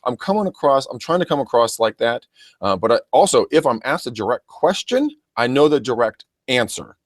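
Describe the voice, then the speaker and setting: A man's voice: mid-range voice, sing-song, a little fast, dry recording. Chatty man coaching real estate agents. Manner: chatty, stammering, addresses listeners as guys. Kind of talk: casual podcast coaching.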